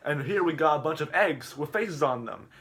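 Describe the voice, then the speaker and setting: A man voicing a childish, whiny grown man puppet, high and yelling. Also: lively intonation, moderate pace. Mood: goofy.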